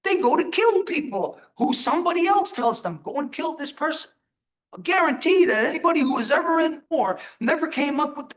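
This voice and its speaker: A man's voice: very high-pitched, fairly bright tone. A man giving an emphatic live teaching talk, asking his audience rhetorical questions. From Turtle Island.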